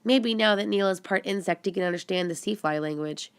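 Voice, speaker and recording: A woman voicing an excited, bossy girl who speaks emphatically, a little higher than her narration. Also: a little fast, clear, resonant tone, natural voice. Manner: emphatic, exclaiming.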